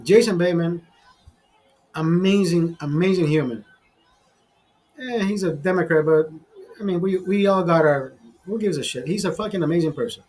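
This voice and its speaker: A middle-aged man telling rambling, profanity-laced stories in a casual vlog, pausing and restarting as he talks. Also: sits high, breathy edge, rough recording. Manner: profane, rambling, animated storyteller. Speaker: vlogger. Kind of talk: casual storytelling over a beer.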